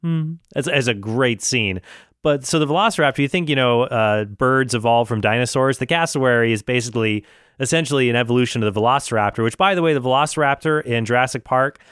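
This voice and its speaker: A man's voice: medium pitch, quick pace, fairly bright tone, smooth, dry recording, clean studio sound. A man hosting a casual solo podcast, telling a story in a rambling way with many fillers. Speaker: podcast host. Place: travelling in Australia.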